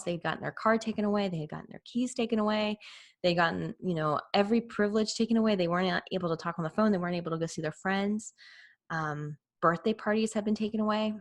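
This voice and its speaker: A woman in her thirties hosts a parenting podcast, telling stories in a chatty, animated way. Her voice sits a little lower than most women's. She fills her talk with casual fillers and quick laughs. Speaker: parent coach and podcast host.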